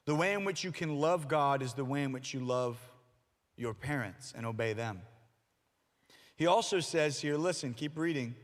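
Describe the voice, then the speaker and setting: A man giving a youth sermon, telling stories with jokes and playful asides. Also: a little high. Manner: animated storytelling with jokes and asides. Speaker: youth pastor. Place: church hall. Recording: long reverb of a large hall.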